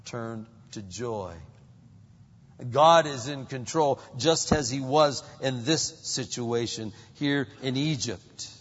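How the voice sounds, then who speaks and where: A man pastor preaching a sermon, acting out quoted voices with sudden pitch jumps. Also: breathy edge, in a large hall, muffled recording.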